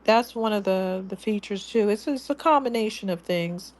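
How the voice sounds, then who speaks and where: A woman's voice: mid-range voice, moderate pace. A woman with a mid-range voice speaks in a plain, matter-of-fact way in a loose panel chat. She describes what she has noticed without fuss.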